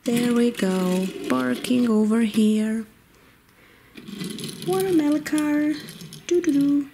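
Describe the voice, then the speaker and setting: A woman's voice: on the high side, slow, background noise. A woman playfully narrating a children's toy car game in a sing-song way, making car and animal noises.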